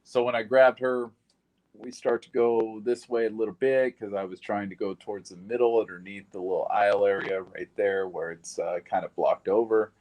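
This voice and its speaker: A man with a somewhat low voice recounts events in a recorded witness interview. He speaks bluntly and plainly, and he swears now and then. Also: steady tone, normal speed, a little mellow, rough recording. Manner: blunt, plain-spoken retelling with occasional swearing. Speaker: shooting survivor giving a statement.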